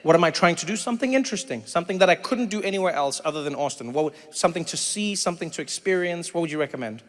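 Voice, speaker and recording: A man in his thirties with a South African accent doing stand-up crowd work, animated and breaking into loud high impressions. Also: very fast, few pauses. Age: 30s. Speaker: stand-up comedian. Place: large theater stage. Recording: live hall with faint crowd noise.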